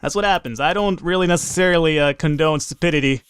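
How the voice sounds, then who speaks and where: A man narrating his gameplay in a let's play, his voice sitting a little high and coming through smooth and clear. He talks excitably and swears freely, laughing at his own blunders. The sound is close and dry, with no room around it. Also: quick pace, no room sound. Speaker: gaming commentator.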